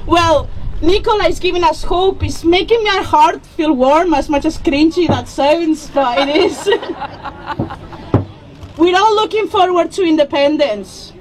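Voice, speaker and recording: A woman's voice: very high voice, moderate pace, slight background noise, rough recording. A young woman giving a fervent speech at an outdoor political rally, laughing between points. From EU country outside the UK. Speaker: rally speaker.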